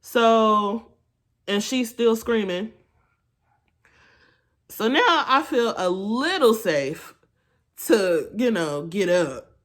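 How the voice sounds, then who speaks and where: A young woman chatting through a storytime while doing her makeup, with animated asides to her viewers, recorded on a phone at home. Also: mid-range voice, very slow, pauses often. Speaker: beauty vlogger. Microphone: phone camera.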